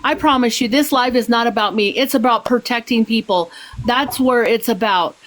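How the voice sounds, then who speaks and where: Upset woman, halting speech. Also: a little high, low-quality recording. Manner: emotional, halting, repeats herself. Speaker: livestream participant. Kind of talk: heated livestream argument.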